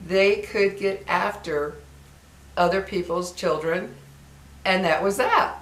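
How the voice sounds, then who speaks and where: A woman's voice: medium pitch, takes it slowly, fairly bright tone, roomy sound. An older woman and grandmother chatting casually to her viewers, reminiscing and acting out the voices she quotes. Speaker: vlogger.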